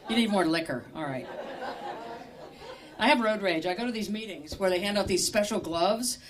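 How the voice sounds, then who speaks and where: A woman's voice: mid-range voice, normal speed, a little hiss or hum. A middle-aged woman doing stand-up comedy at a live show in a store, wry and chatty, working the crowd with questions.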